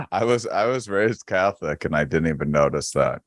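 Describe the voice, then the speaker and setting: A man guesting on a podcast in casual chat, speaking with a slow, calm, grounding cadence and frequent hesitant restarts. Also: sits low, no room sound, studio quality. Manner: hesitant restarts, repeated words.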